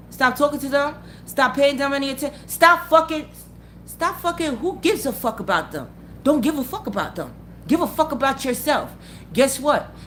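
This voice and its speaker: Her pitch sits high and her tone is fairly bright, with a little noise in the background. This female motivational vlogger goes off-script with crude, direct encouragement, circling back to the same ideas and asking again and again if you're with her.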